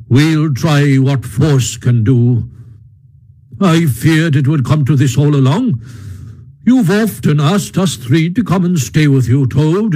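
A man doing a stern, measured old badger. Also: fairly high pitch, dark tone, poor audio. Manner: slow, firm and measured. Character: stern older male badger, firm and grave.

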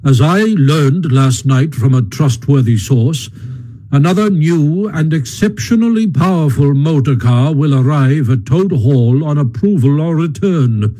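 A man's voice: fairly high pitch, lively intonation, dark tone, poor audio. A man doing a solemn old badger. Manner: slow, weighty, solemn.

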